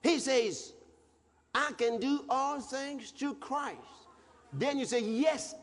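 A man preaching a sermon, repeating phrases for emphasis and shouting lines of scripture. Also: very high voice, expressive, slow. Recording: reverberant hall with faint noise.

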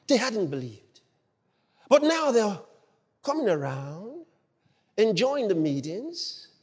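Brief: male preacher, exuberant, shouts exclamations, high voice, long hall reverb. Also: breathy edge. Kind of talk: sermon.

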